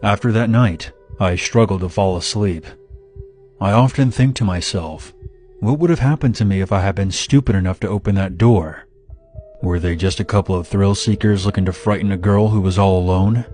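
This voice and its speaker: Low-voiced man narrating a horror story. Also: moderate pace, faint music behind. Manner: steady, dramatic first-person retelling.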